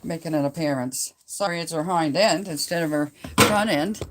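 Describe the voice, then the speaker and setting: Middle-aged Canadian woman, phone livestream host, unhurried and bright, rambles with easy laughs. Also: fairly low pitch, very animated. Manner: chatty, rambling, laughs often. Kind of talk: casual live chat with viewers. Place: at home.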